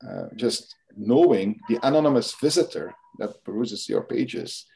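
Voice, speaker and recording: Brief: male guest expert, warm mellow tone, conversational, restarts often. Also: on the low side, measured pace, vocal fry. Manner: animated explaining, frequent restarts and "kind of". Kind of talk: interview conversation.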